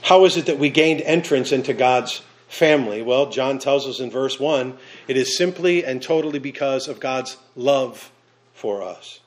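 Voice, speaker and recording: A man preaching a sermon, earnest, with dramatic pauses and vivid storytelling. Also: medium pitch. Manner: storytelling with fillers and restarts. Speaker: pastor.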